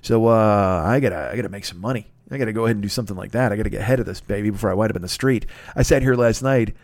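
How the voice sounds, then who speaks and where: A man's voice: on the low side, racing, darkish tone, no echo. A middle-aged man hosting a podcast, ranting in a profane, exasperated comedic way. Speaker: podcast host. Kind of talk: comedic rant.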